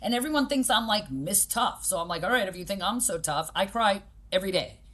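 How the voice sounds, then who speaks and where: Her mid-range voice is expressive and fairly bright, moving a little fast. In this conversational podcast interview, the boxing gym owner makes her points directly and pragmatically, stresses words, and performs the people she's quoting.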